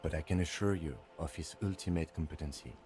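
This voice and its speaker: An actor playing a calm, formal police lieutenant in a video game. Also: male voice, very deep voice, faint music behind. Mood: composed. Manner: formal, measured. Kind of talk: game voice acting.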